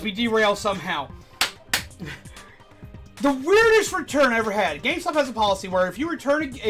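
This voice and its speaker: A streamer and former game store manager telling stories in casual chat, animated, with loud indignant outbursts. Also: medium pitch.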